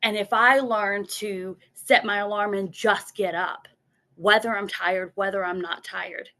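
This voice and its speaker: A woman's voice: medium pitch, steady tone, unhurried, sharp tone. A woman giving a motivational talk from her notes, earnest, repeating words as she goes and acting out her own inner voice.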